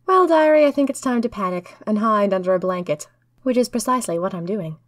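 A woman's voice: mid-range voice, fast, dry recording, studio quality. Woman narrating an earnest diary tale. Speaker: storyteller. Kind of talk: first-person diary narration.

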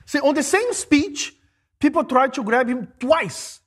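A middle-aged male pastor preaching a sermon, animated, rising to emphatic exclamations. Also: extremely high pitch, unhurried.

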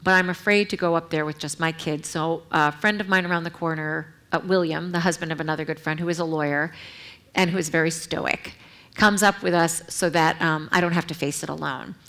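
Reading from her memoir at a library event, this middle-aged woman author has a low-pitched, fairly bright voice with fairly even intonation. Her delivery is measured and earnest, broken by brief remarks to listeners.

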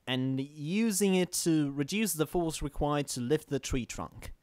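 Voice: medium pitch, no echo. A podcast host summarizing a comic chapter in casual, hesitant talk full of fillers.

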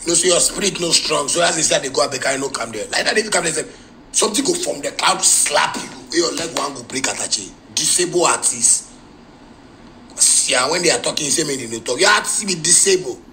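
A musician with a Ghanaian Pidgin English accent rants in a live video, confrontational and heated. His voice sits a little high and pushes hard with a tense, bright edge. Now and then he breaks into outright shouting. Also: expressive, fairly quick, slight background noise, poor audio.

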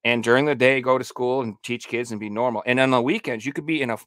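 A man's voice: a little high, fairly bright tone, no echo. A man ranting emphatically and with plenty of swearing in a casual podcast chat. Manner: emphatic, profane, heated ranting. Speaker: podcast co-host.

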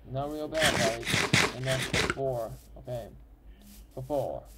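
A man's voice: medium pitch, slow, very noisy. A man giving casual, rambling game commentary as host, often correcting himself mid-sentence. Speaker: gameplay host.

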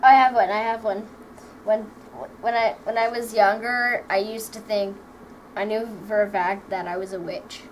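A woman's voice: mid-range voice, steady tone, moderate pace. A woman hosting a casual home vlog with friends, giggly and rambling as she chats and jokes. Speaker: vlog host. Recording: distant mic with clear background noise.

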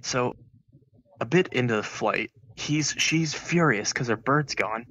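A man's voice: mid-range voice, animated, a little slow, sharp tone, muffled recording, slight background noise. A man telling a long joke in a casual online voice chat, rambling with many restarts and filler words.

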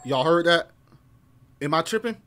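A young man streaming a horror game, loud and jumpy at the scares, full of slang and swearing, muttering to himself as he explores. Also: a little high, lively intonation, normal speed, background noise. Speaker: gaming streamer. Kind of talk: horror gameplay commentary.

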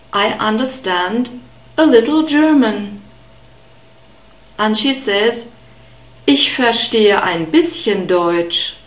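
A woman teaching a beginner language lesson, carefully modeling sounds and repeating words slowly. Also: a little high, roomy sound, rough recording. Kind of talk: slow, deliberate pronunciation lesson.

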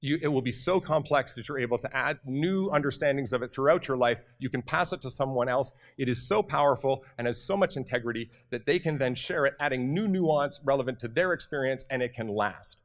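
A man from Canada speaks to a conference audience with energy and directness. His voice sits at a middle pitch, and he often turns to the crowd with quick questions. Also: expressive. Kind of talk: motivational conference talk. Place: conference hall.

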